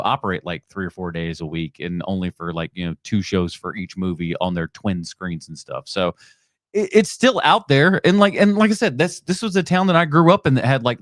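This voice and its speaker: Casting: male podcast host, lively pitch, dry close sound, sarcastic and blunt. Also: no room sound. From United States. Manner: blunt, sarcastic, laughs often. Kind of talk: reacting to videos on a live stream.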